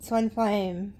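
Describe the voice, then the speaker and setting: A woman's voice: medium pitch, warm tone, a little hiss or hum. A woman giving a casual tarot reading in a chatty, dramatic way, with blunt slang and frequent laughter. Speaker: tarot reader.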